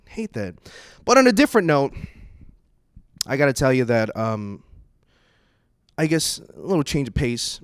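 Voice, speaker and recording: Young male comic with an animated, swinging delivery, recorded dry and close. Casual and profane, with loud exasperated outbursts. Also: mid-range voice, no room sound. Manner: profane, conversational. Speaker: stand-up comedian. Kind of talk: stand-up comedy set.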